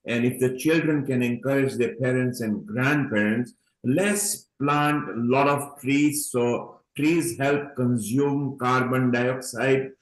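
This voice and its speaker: A man's voice: medium pitch, steady tone, takes it slowly, roomy sound, rough recording. A man hosting an online event over a video call, calling people honey as he talks on at length. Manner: addresses people as honey, rambling.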